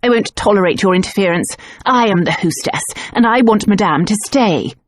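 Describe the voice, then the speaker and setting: A woman's voice: mid-range voice, lively intonation, moderate pace, lightly acted. A woman voicing a haughty, imperious hostess who speaks in a clipped, hissing way. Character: haughty adult hostess, sharp-tongued and imperious.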